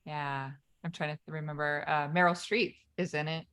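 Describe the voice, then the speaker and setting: A deep, clear, resonant voice with a bit of brightness, fairly even intonation and a moderate pace belongs to a mother co-hosting a podcast. In casual conversation she retells a film scene, rambling, laughing often and starting over.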